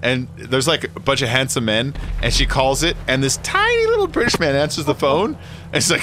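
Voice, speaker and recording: A man's voice: mid-range voice, very animated, normal speed, noisy background. A man streaming a racing game and chatting casually with viewers, rambling through stories and laughing often. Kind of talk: casual live-stream chat.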